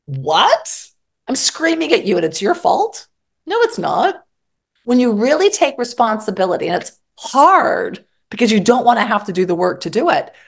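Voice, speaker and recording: A woman therapist talking in an interview, animated and acting out quoted exchanges. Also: a little high, gravelly, slightly rough. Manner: animated, acts out quoted dialogue. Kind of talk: interview conversation.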